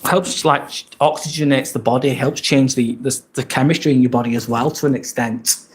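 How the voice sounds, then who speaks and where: An English-accented man hosts a live stream from a rented apartment. He talks casually at a middle pitch, rambling a little, and stops often to answer viewers' comments. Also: fairly even intonation, moderate pace. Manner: chatty, reads out viewer comments and answers them.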